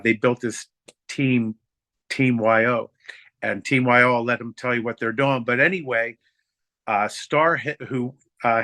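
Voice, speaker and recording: A man hosting a team call, telling a moving story in a halting way with many fillers and restarts. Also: fairly low pitch, bright, forceful tone, no room sound. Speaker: team leader hosting a family night call. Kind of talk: emotional storytelling to his team.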